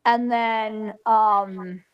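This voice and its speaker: A woman's voice: mid-range voice, fairly even intonation, drawn-out words, smooth, muffled recording. A woman psychic, telling an emotional past-life story and quoting the people in it. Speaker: psychic guest.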